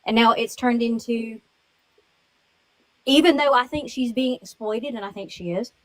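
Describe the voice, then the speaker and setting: A woman's voice: fairly high pitch, normal speed, poor audio. Earnest, emotional woman caller. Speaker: caller on a livestream. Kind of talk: live-stream call-in.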